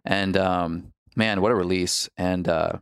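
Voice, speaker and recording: A man's voice: low-pitched, steady tone, measured pace, smooth, dry recording, studio quality. A man telling a candid personal story, reflective, with restarts and fillers.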